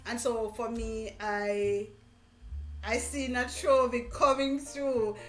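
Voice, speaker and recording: A middle-aged Jamaican woman hosting a motivational live stream, talking in an animated way, repeating phrases and laughing often. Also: fairly high pitch, takes it slowly. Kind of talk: casual interview chat. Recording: echoey room with faint music.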